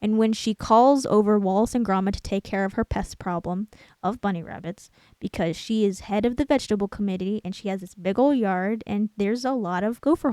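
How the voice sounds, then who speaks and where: A young woman talks through a film in a loose, rambling way. She breaks off to hunt for the right word and pokes fun at herself. The sound is dry and close, with her voice sitting at a middle pitch. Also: darkish tone, clean tone, no echo. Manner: rambling, self-deprecating, searching for words aloud. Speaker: channel host. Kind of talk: casual film commentary.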